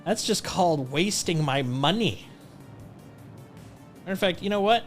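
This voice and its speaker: A man's voice: high voice, animated, a little slow, long pauses, faint music behind. Playful rambling male streamer. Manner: rambling, playful, jokey, with frequent restarts. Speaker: livestreamer. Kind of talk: casual gameplay commentary.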